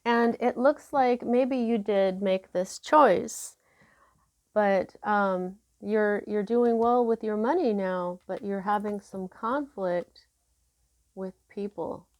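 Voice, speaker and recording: A woman talks through a tarot spread at an unhurried pace, full of fillers and little asides. Her voice sits in a middling pitch. The recording is dry and close, with no room sound. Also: darkish tone, no room sound. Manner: chatty, unhurried, many fillers. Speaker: tarot reader. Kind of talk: casual tarot reading.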